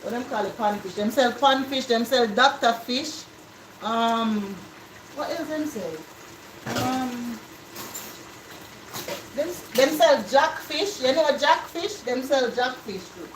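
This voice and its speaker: A woman's voice: fairly high pitch, slow pace, long pauses, roomy sound, noisy background. A woman with a Jamaican accent co-hosting a cooking live stream, talking in patois and listing things off. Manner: lively talk in patois, lists things off. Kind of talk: casual live-stream chat.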